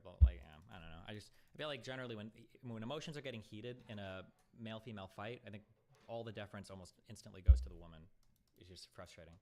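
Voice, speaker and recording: A man's voice: low-pitched, mellow. A man hosting a casual live-stream debate, talking bluntly with lots of swearing and rambling asides. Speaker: streamer host.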